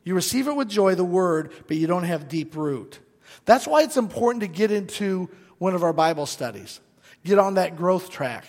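A male pastor preaching a sermon, animated, swinging from loud bursts to hushed asides. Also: high voice, normal speed. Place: church sanctuary. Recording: long hall reverb.

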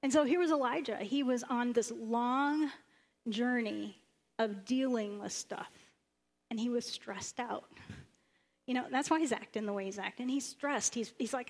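A woman pastor preaching a sermon in a church, animated, acting out the lines of the stories she retells. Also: moderate pace. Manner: animated, acts out the prophet's lines with sudden high bursts.

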